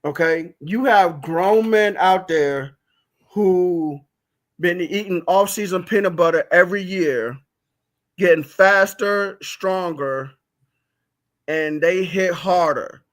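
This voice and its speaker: A man's voice: sits high, slow. A man co-hosting a casual sports podcast, making emphatic points and repeating them for stress. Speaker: podcast co-host.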